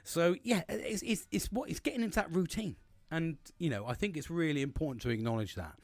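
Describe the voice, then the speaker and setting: A man's voice: on the high side, brisk, no echo. Sweary, rambling man. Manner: rambling and sweary, with many restarts. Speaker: podcast host. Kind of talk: casual solo monologue.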